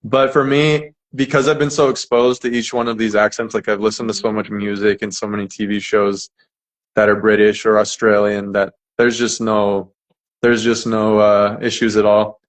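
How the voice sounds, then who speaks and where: An American man with a General American accent, an English teacher chatting casually in an interview, relaxed and talkative with frequent fillers and restarts. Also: on the low side, moderate pace. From United States. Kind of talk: casual conversation.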